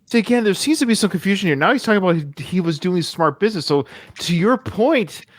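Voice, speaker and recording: A man hosting a podcast, chatting about a film in an animated, enthusiastic way. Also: high-pitched, fast, no echo. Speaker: podcast host. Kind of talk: casual film discussion.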